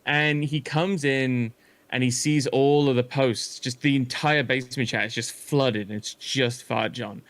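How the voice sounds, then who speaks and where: A man's voice: mid-range voice, fairly even intonation, unhurried, fairly bright tone, dry recording. A man telling a long story in casual chat as a streamer, rambling with frequent swearing and restarts. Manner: rambling, swears often, many fillers and restarts.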